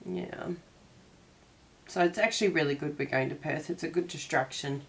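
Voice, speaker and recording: A woman's voice: low voice, normal speed, creaky. A woman hosting a cardmaking tutorial, chatting casually and digressing as she crafts.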